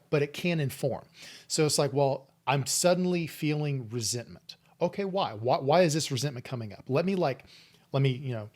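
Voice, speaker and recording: A man hosting a podcast interview, a psychologist talking in a candid, animated way with frequent swearing. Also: medium pitch. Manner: candid, profane, animated storytelling. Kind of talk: casual interview chat.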